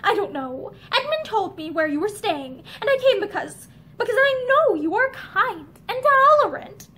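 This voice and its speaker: A woman's voice: extremely high pitch, very animated, moderate pace, fairly bright tone, pitched above the performer's own voice, heavily acted. A woman reading aloud voices a distraught young woman full of remorse, pleading and close to sobbing. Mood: remorseful. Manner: emotional, pleading, breaking into sobs.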